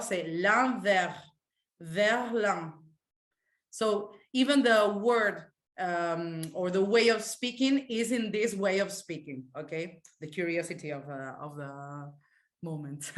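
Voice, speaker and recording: A woman teaching a live online language class, explaining slang in a relaxed, halting way. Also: mid-range voice. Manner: relaxed, explanatory, hesitant with fillers. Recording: echoey room.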